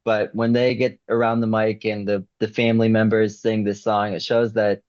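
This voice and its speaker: A man's voice: on the low side, flat delivery, normal speed, a little mellow, dry recording. A man co-hosting a music podcast, talking in a thoughtful, reflective way. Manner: thoughtful, reflective, says "you know" often. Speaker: podcast co-host. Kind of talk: casual chat. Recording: dull dry lo-fi mic.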